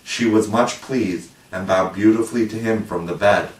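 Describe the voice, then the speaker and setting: A man narrating a storybook in a measured, expressive way. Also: fairly low pitch. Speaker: audiobook reader. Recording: roomy, distant mic.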